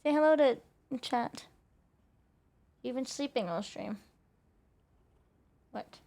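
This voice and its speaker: A woman's voice: high voice, animated, slow pace, gravelly, a little mellow. A young woman streaming a game from home, chatting casually and cooing baby talk at her cat. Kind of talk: casual live-stream chat.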